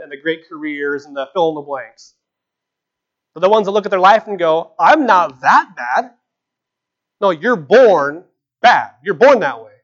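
A man's voice: high voice, fairly bright tone. A man preaching a sermon in an earnest, conversational way, with frequent rhetorical questions, in a dull lo-fi recording.

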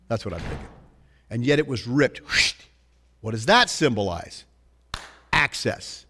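A man preaching a sermon in a church, telling the story in an animated, joking way and swinging between loud bursts and hushed lines. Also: on the high side. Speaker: pastor.

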